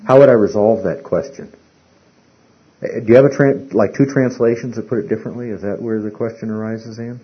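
A man teaching a Bible study class. He speaks haltingly, repeats words and keeps asking the class questions. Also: on the low side, steady tone, husky. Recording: muffled lo-fi recording.

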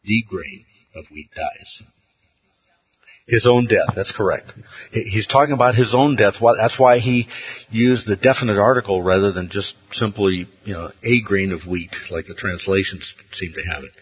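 Speaking at a normal pace in a fairly low voice, a man leads a Bible study conversationally, tossing out rhetorical questions and frequently asking "okay?" Audio is muffled, with a roomy sound.

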